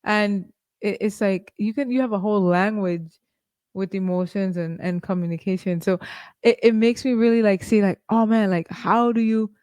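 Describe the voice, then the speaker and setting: A man's voice: high voice, steady tone, normal speed, clear, resonant tone, no room sound, clean studio sound. A man co-hosting a podcast, chatting casually about faith and agreeing often with lots of "like" fillers. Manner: agreeable, lots of "like" and soft "mm" backchannels. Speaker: podcast co-host.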